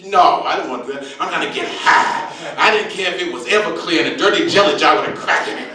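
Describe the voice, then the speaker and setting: Talking fast in a sharp, fairly high voice, a man in his sixties performs a stand-up routine. Brash and streetwise, he exaggerates wildly and drops frequent "baby" asides. The echoey room is captured by a distant mic.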